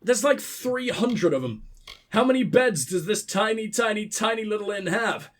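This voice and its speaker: A man's voice: high-pitched, expressive, moderate pace, slight background noise. Sweary, sarcastic southern English guy. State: ill. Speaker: let's play host. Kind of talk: casual gameplay commentary.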